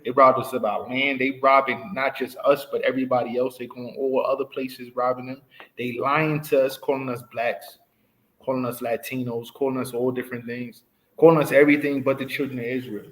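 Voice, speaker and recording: A man's voice: medium pitch, steady tone, fairly quick, fairly bright tone, poor audio. Casting: man teaching a Bible study, emphatic, keeps asking "right?". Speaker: teacher leading scripture study.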